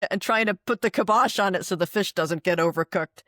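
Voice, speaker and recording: A woman co-hosting a fan podcast, talking in a lively way with frequent laughs. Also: on the low side, a little fast, no echo, clean studio sound. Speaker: podcast co-host. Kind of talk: casual chat.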